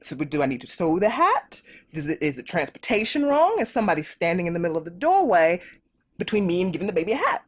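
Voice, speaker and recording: A woman's voice: lowish voice, very animated, fast talker, slightly rough. A middle-aged woman, a podcast guest, talking emphatically and animatedly in a political conversation, hammering points home with repetition.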